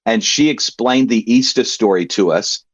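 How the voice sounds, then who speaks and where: A man with an Australian accent that has softened toward American, speaking as an interview guest over a video call and telling his story in a relaxed way with easy laughs. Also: on the low side, normal speed, slightly rough, dry recording, highs cut off.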